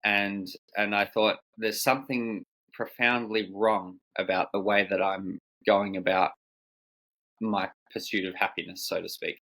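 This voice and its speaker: A man's voice: on the low side, level tone, unhurried, vocal fry, a bit bright, poor audio. A man being interviewed as a coach, telling a personal story in a thoughtful, searching way with many restarts. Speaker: guest coach. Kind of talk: reflective storytelling in conversation.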